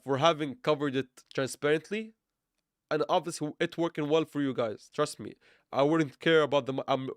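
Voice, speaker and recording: A man's voice: fairly high pitch, no room sound, studio quality. A man livestreaming his crypto trades, rambling and correcting himself, with playful sarcasm and frequent laughs. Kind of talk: live trading stream chat.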